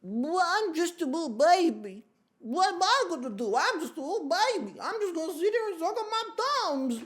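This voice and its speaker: A woman on a livestream voicing a helpless little baby in a high, squeaky, whiny put-on voice. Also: big pitch swings, moderate pace. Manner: high squeaky babyish whine. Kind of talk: livestream bit.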